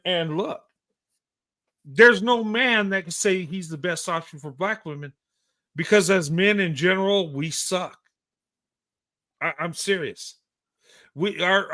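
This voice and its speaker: A man's voice: sits high, measured pace, sharp tone. A man hosting a live show, talking with emphatic, blunt passion, stammering and restarting his sentences and swearing now and then. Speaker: show host. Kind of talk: impassioned live-show commentary.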